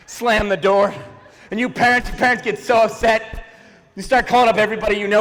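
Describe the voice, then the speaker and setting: High-voiced man doing animated stand-up. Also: fast, long reverb tail, slight background noise. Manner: animated, playful, talks to the audience. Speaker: stand-up comedian. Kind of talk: stand-up comedy set. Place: church auditorium before a live audience.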